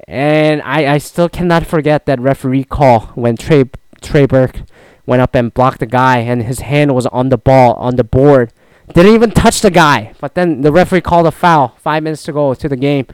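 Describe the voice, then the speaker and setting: Male podcast host, smooth resonant voice, dry close sound, rambling profane casual sports talk. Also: medium pitch, darkish tone, no echo. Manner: rambling, profane, frequent restarts. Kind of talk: casual solo sports chat.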